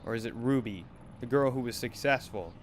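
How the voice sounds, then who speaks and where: A man's voice: medium pitch, brisk, a little hiss or hum, close to an everyday voice. A man voicing an abusive, bullying male talent manager in a game, berating and menacing in turn. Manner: berating, menacing, then wheedling.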